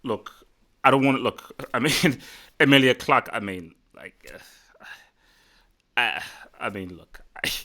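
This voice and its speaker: A man hosting a casual live football stream, teasing and boastful, talking excitably to his guest and the chat. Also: mid-range voice, slow, long pauses. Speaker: livestream host.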